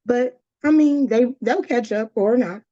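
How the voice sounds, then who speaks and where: A woman talking as a guest in a relaxed conversation, chatty and full of casual fillers. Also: on the high side, a little slow, dry recording, muffled recording. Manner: chatty, full of "like" and "you know".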